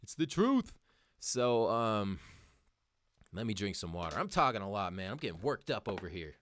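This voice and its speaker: A man's voice: lowish voice, expressive, normal speed, a bit bright, a little hiss or hum. A young man hosting a casual show, ranting heatedly with lots of swearing and calling listeners "dude". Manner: heated, profane, says "dude" a lot. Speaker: podcast host. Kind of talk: casual profane monologue, reading articles aloud.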